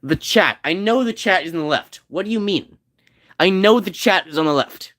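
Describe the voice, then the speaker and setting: A man's voice: high-pitched, expressive, normal speed, fairly bright tone. Rambling joking man streaming a game. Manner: rambling, joking, talks to chat. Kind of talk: casual gameplay chat.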